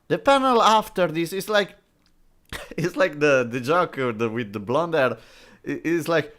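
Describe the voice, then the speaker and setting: A man's voice: a little high, animated, normal speed, a bit bright. A man giving mocking, dismissive commentary on a comic, full of fillers and restarts. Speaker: comic reviewer. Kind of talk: sarcastic commentary.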